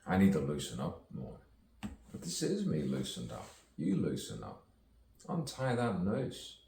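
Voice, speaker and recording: Very deep-voiced man rambling slowly. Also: wildly swooping pitch, vocal fry, darkish tone, a little hiss or hum. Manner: playful, rhyming wordplay, frequent chuckles. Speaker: poet. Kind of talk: rambling improvised monologue. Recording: roomy, distant mic, faint ambience.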